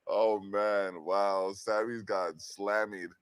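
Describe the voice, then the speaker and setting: A man's voice: on the low side, fairly even intonation, takes it slowly, smooth, no room sound. A man co-hosting a wrestling podcast who recaps match results and answers with short murmurs. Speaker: podcast co-host. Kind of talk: casual wrestling chat.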